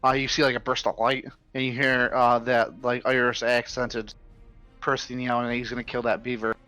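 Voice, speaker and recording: A man's voice: medium pitch, level tone, moderate pace, pushed and bright, lo-fi sound, soft background music. A man narrating as game master in a tabletop game, loose and rambling, with lots of filler words.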